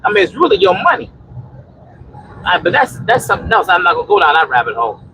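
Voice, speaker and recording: A man's voice: sits high, sing-song, fast talker, sharp tone, slight background noise, low-quality recording. A man hosting a casual trucker livestream from a truck cab, preaching about preparing and answering chat in a rambling, repetitive way on a phone mic. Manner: rambling with many restarts and "you know". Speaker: trucker and homesteading livestream host.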